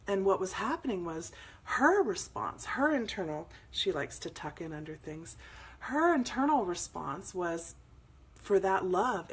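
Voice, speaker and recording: A woman's voice: mid-range voice, husky. A woman hosting a spiritual morning show, telling meandering stories in a casual way and greeting viewers by name as she goes.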